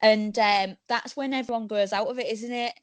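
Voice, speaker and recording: A woman in her twenties speaks with a Hull accent in a relaxed podcast chat. Her voice sits a little high, and she tells her stories with energy, acting out the quoted voices as she goes. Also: moderate pace, no echo. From Hull, England. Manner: animated storyteller who acts out quotes. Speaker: guest, professional wrestler.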